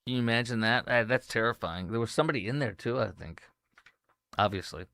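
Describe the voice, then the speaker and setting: A man's voice: medium pitch, fairly quick, vocal fry, music in the background. A man hosting a talk show, reading headlines aloud and breaking off with incredulous comments. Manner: reads headlines then comments, incredulous asides. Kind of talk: casual news commentary.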